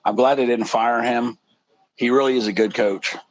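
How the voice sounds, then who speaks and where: A man's voice: mid-range voice, steady tone, moderate pace, low-quality recording. Laid-back, rambling male co-commentator. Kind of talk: casual chat and game commentary.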